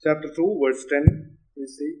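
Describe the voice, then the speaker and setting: A man preaching a sermon in a church, halting with frequent fillers and restarts. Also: on the high side, fairly even intonation, warm tone, a little hiss or hum. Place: church hall.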